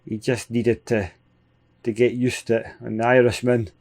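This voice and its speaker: A Scottish man hosting a gaming video, giving casual, excitable play-by-play with frequent chuckles. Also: mid-range voice, normal speed. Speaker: gaming channel host. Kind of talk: casual let's-play commentary.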